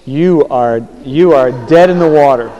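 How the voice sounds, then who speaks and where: A man preaching a sermon in short, emphatic phrases, pausing for an interpreter. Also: fairly high pitch, dark tone. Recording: long hall reverb.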